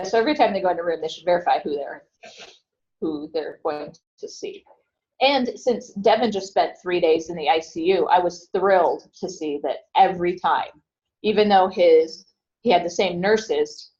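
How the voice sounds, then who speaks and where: A woman's voice: on the low side, normal speed, a little mellow, muffled recording. A woman instructor giving a conversational classroom lecture and asking her students questions.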